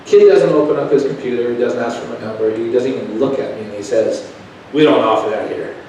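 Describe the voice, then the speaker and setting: A man preaching to his church, spinning a folksy story that swells from hushed asides to loud, emphatic telling. His mid-pitched voice sits at a distance from the mic, with a faint hiss under it. The sound is very roomy, ringing around the sanctuary. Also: fast. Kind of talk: storytelling sermon. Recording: echoey church room heard from a distance.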